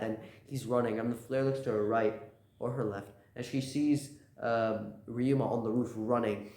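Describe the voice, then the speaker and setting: A man casually recapping a comic chapter, loose and rambling with lots of filler words. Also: mid-range voice. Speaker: channel host. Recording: roomy echo.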